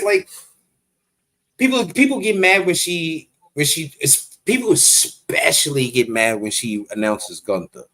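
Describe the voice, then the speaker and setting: A man's voice: high-pitched, bright, forceful tone. A man co-hosting a casual podcast, blunt and profane, talking emphatically. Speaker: podcast co-host.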